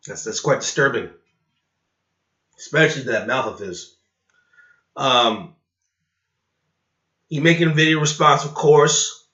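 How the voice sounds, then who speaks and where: A man's voice: medium pitch, unhurried, pauses often, bright, forceful tone. A man ranting in a rambling reaction commentary, sighing and repeating himself. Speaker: online commentator. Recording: roomy, dull lo-fi recording.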